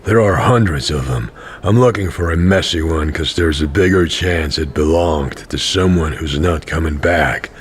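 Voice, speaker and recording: A man's voice: a bass voice, a little hiss or hum. A man narrating an audio drama as a tired, cynical wandering pilgrim. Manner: dry, tired, slow narration. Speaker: narrator and main character.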